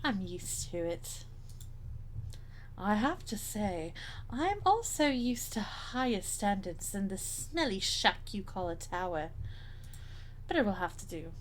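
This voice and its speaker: A woman voicing a boastful, haughty young male knight in a game, lowering her voice. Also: very animated, slow pace, pauses often, a little hiss or hum. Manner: smug, haughty.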